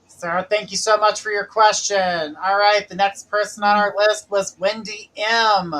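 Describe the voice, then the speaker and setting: Guy running a live psychic stream, bright tense voice, calling names off a list. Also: sits high, level tone, unhurried, low-quality recording. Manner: calls out viewer names from a list, jokes about mispronouncing them. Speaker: host of live psychic readings. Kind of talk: casual live-stream hosting. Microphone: live-stream mic with glitches.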